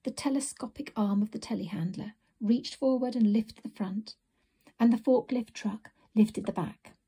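Soft-spoken gravelly woman reading a story. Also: on the high side, moderate pace. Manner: soft, often whispered reading. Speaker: narrator. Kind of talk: storybook narration.

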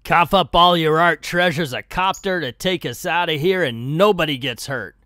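A man's voice: on the high side, moderate pace, bright, forceful tone, no echo, studio quality. A man playing a blustery old duck tycoon. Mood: threatening. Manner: blustery threats, no Scottish accent.

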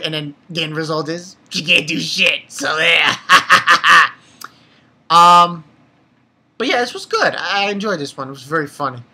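Excitable rambling young anime reviewer. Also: mid-range voice, breathy edge. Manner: rambling, excitable, swears freely. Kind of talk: casual episode review.

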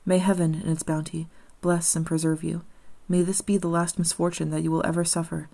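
A woman voicing a condemned young woman, resigned and pious, in a gentle, solemn audiobook reading. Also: low voice, flat delivery, fairly quick, gravelly, husky, full character voice.

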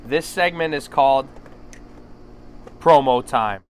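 A man hosting a casual podcast, excitable and hammy as he sets up a wrestling-style promo game. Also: mid-range voice, takes it slowly, background noise. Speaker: podcast host.

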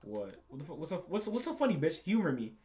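Crude, rambling young man with a higher voice. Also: sing-song, fast, darkish tone. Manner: crude, rambling, swears a lot, repeats himself, laughs at his own jokes. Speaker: gaming YouTuber. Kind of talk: casual commentary reacting to a game.

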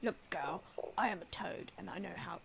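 A woman puts on a secretive toad for a game playthrough, whispering low and slow with a rough, gravelly edge. Loud noise hisses under the voice. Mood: hushed warning. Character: secretive warning male toad. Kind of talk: let's play voice acting. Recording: noisy game capture audio.

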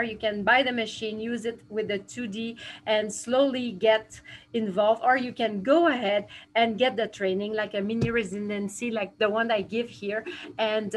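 A woman's voice: mid-range voice, rough recording. French-accented woman lecturing with many fillers. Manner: halting, many fillers and restarts. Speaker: dental educator. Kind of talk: webinar lecture with Q&A. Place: dental office.

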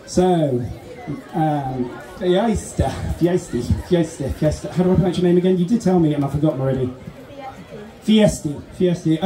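A man compering a live outdoor contest, teasing the contestants and shouting countdowns. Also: high-pitched, reverberant. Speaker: contest compère. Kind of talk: live event hosting. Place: outdoor festival in the sunshine.

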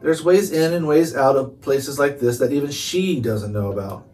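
A man's voice: medium pitch, moderate pace, darkish tone, lightly acted. A man voicing a sly, unflappable talking cat in a storybook read-aloud, with a dry, conversational manner. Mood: dry, smug. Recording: distant mic, faint hiss.

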